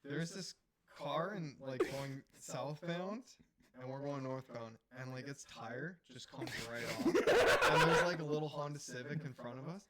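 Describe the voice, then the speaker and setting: A young man co-hosting a podcast spins an animated, profanity-laced story, laughing along as he goes. His voice sits a bit high for a man. Loud crowd noise fills the background. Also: a little slow. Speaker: podcast co-host. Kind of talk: casual storytelling chat.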